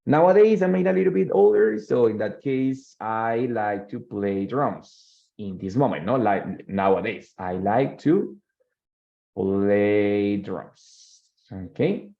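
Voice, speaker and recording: Gravelly-voiced teacher. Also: male voice, lowish voice, lively intonation, slow pace. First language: Spanish. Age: 30s. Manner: patient, repeats phrases and checks in with "ready?". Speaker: English teacher. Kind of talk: online English class, mixing Spanish explanations. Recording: dull lo-fi call audio.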